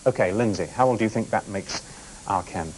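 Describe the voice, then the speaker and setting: A man's voice: lowish voice, brisk, a little mellow, a little hiss or hum, poor audio. A man hosting a TV quiz show in a studio, bantering and teasing the contestants between questions. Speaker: game show host.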